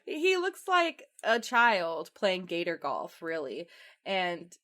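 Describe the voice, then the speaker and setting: A young woman co-hosting a podcast, casually recapping a film and acting out the characters' lines with lively storytelling. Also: lowish voice, slow. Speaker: podcast co-host.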